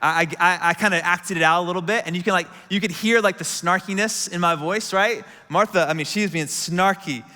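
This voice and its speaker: A man's voice: sits high, fairly quick, few pauses, sharp tone. A young man preaching a casual sermon to a crowded room, chatty and full of "like" fillers, calling out to the congregation. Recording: long reverb from a big hall.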